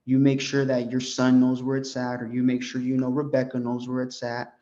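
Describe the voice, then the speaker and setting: A young American man training insurance agents, animated and full of "right?" as he role-plays his pitch. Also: brisk. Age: young adult. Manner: animated, peppers talk with "right?" and "bro". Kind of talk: sales coaching talk with role-played pitch. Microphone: group call. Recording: dull lo-fi call audio.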